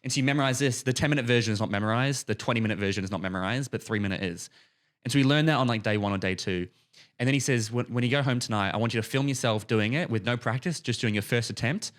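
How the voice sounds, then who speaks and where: A man's voice: medium pitch, quick pace. A man co-hosting a podcast and coaching, telling stories eagerly in casual chat.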